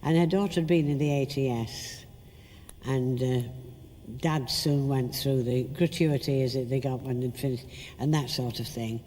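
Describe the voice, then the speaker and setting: An older actress in an interview, telling lively stories and acting out the quotes. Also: female voice, a bass voice, moderate pace, big-room sound. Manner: lively storytelling, acts out quotes. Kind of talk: reminiscing interview.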